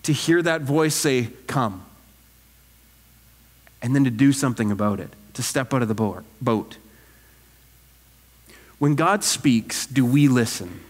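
A man, a pastor, preaching an earnest, animated sermon full of rhetorical questions. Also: mid-range voice, normal speed, big-room sound. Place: church sanctuary.

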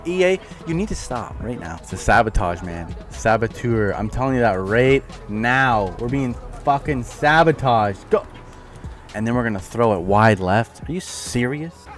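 A young man commentating his own football video game as he plays, excitable and foul-mouthed, trash-talking opponents and yelling at big plays. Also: medium pitch. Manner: excitable, swears a lot, yells at plays, trash-talks opponents. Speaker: gaming YouTuber. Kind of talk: live gameplay commentary.

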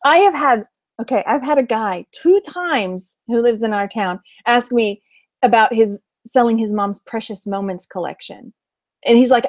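A woman's voice: fairly high pitch, lively intonation, normal speed, dry recording, clean studio sound. A woman in her thirties with a Texan accent, chatting casually on a live stream, giggling often and reading viewer comments aloud. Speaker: vlog host, reseller.

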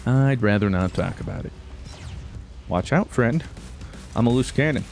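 A man giving casual gameplay commentary as a YouTuber, excitable, yelping and talking to himself as he plays. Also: medium pitch, normal speed, gravelly, soft background music. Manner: excitable, yelps and exclaims, talks to himself. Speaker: gaming YouTuber.

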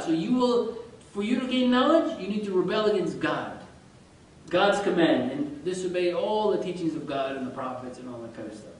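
A man with a notably high voice gives an animated, informal lesson, quizzing his listeners as he goes. He sounds distant from the microphone in a heavily echoing room. A faint low rumble sits underneath. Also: normal speed. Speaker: religious study teacher. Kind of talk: informal lecture to a group. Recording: very echoey room, far from mic, faint rumble.

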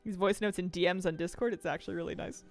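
A woman's voice: on the low side, fairly even intonation, fast, no room sound, soft background music. A young adult woman streaming a game, chatting casually and rambling, often breaking into laughter. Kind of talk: casual live-stream chat while gaming.

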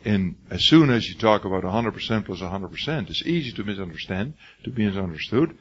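An older man with a raw, hoarse voice lectures a class in an emphatic, repetitive way, restarting his sentences often. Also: fairly low pitch, lively intonation, fast. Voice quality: husky. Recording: dull lo-fi classroom recording.

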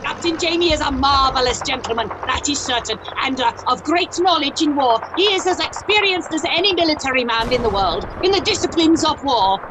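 An actress playing a fussy, scolding army captain. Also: female voice, high-pitched, animated, a little fast, few pauses, background noise. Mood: scornful. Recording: battle sound effects behind.

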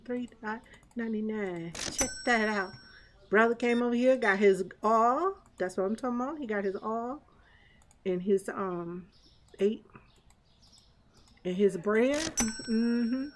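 Chatty woman streamer with a higher voice. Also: normal speed. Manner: chatty, laughing, talks to chat and game customers. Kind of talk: live gameplay commentary.

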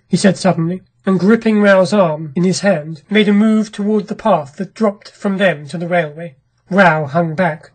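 A storyteller reads a classic short story with measured, dramatic pacing. The voice is husky and mid-pitched. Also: rough recording. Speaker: narrator of classic short stories. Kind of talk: scripted audiobook narration.

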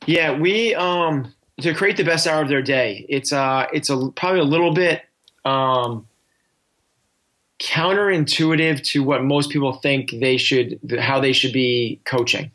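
A coaching guest on a podcast talks a little slowly in a medium-pitched, fairly bright voice. Earnest throughout the casual interview, he restarts his sentences often and uses plenty of fillers.

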